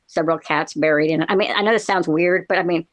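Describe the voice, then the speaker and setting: A woman's voice: on the low side, steady tone, fast talker. A middle-aged woman in casual chat, telling a long personal story in a rambling way, with many fillers and frequent laughs.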